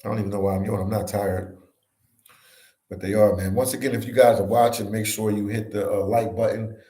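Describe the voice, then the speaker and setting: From an echoey office room, a Philadelphia travel vlogger hosts a casual livestream, reading comments out loud and reacting to them. His lowish voice is steady and mellow, and he speaks fairly quickly.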